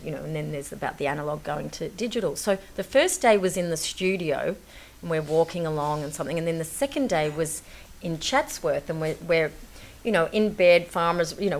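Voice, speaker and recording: A woman tells anecdotes on a talk show. Her voice sits a little low, and she often laughs as she talks, filling her stories with ums and you-knows. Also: a little mellow. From Australia. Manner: chatty, laughing storyteller, many fillers. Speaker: guest actress.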